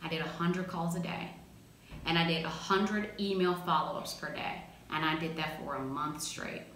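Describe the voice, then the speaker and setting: A woman giving an energetic, emphatic motivational talk in a casual, slangy way. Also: deep voice, moderate pace, slight background noise. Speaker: motivational speaker. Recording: very echoey room.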